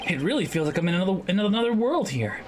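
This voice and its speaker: A woman's voice: medium pitch, big pitch swings, rapid-fire, darkish tone, slight background noise, lightly acted. A woman voicing a chatty young lawyer tourist. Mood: gushing. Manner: wide-eyed, chatty, gushing. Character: cheerful young male lawyer abroad as a tourist. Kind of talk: reading game dialogue aloud. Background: game music.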